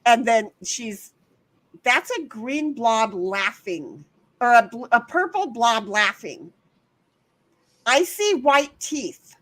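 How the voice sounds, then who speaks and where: A high-pitched American woman hosting a relaxed stream. She rambles and teases her chat playfully, reacting to each message as it comes in. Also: takes it slowly, poor audio. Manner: chatty, rambling, playful teasing. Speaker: livestream host. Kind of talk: casual chat, reading chat aloud.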